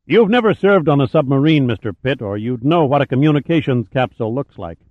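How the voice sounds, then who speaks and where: A man's voice: mid-range voice, expressive, brisk, no echo, natural voice. A man voicing a sarcastic, arrogant older male admiral who talks down to people in an audiobook reading. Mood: condescending. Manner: sarcastic, condescending. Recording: tinny phone-like audio.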